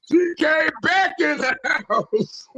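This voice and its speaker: A man calling in, telling a story casually with profanity and acting out quotes in an animated way. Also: very high voice, dull audio. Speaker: caller.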